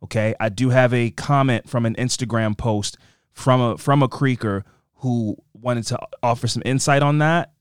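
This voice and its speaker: Rambling man with a smooth, clear voice. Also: medium pitch, moderate pace, dry recording, studio quality. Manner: rambling, self-interrupting and animated. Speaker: podcast host. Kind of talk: casual podcast chat.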